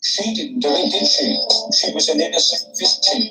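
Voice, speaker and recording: A man's voice: on the high side, expressive, normal speed, bright, forceful tone, rough recording. Emphatic man ranting over music. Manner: emphatic, argumentative. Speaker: livestreamer in a played clip. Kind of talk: ranting monologue. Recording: clip with music underneath.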